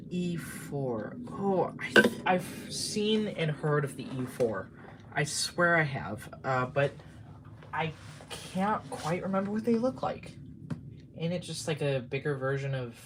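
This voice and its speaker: On a live stream, a man of medium pitch chats casually, rambling and halting as he mutters to himself and trails off between thoughts. Background noise is audible.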